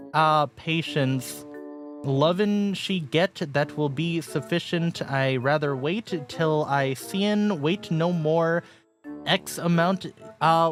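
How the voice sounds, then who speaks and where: A streamer putting on a Jamaican accent to read raunchy reggae lyrics in a flat, sing-song way. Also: medium pitch, lightly acted. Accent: put-on Jamaican. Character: mock reggae singer reading raunchy lyrics.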